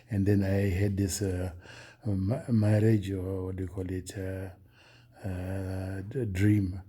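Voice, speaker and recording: A man from Oman, recounting a dream in a hesitant, earnest way, with many pauses and restarts. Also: deep voice, warm tone, breathy edge. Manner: earnest, solemn. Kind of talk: unscripted personal account.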